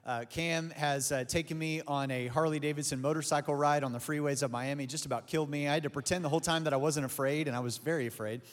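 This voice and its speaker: A male pastor introduces his mentor to the congregation in an earnest, grateful tone. His voice is a touch high for a man, and it carries the long reverb of a large sanctuary. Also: fairly even intonation, quick pace, few pauses. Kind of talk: introducing a guest speaker. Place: church sanctuary.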